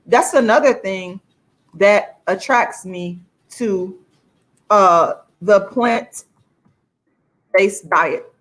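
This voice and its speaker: A woman chats to her viewers in a casual vlog, her voice sitting at an ordinary middle pitch. She talks emphatically and often calls out to the audience. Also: drawn-out words, pauses often, a bit bright. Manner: chatty, emphatic, addresses viewers as y'all. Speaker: vlogger.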